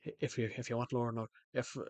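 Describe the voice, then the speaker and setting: A man's voice: medium pitch, little pitch movement, rapid-fire, a little mellow, no echo. A man chatting on a live stream in a rambling, jokey way, often restarting his sentences. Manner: rambling, self-interrupting, jokey. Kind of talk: casual live-stream chat.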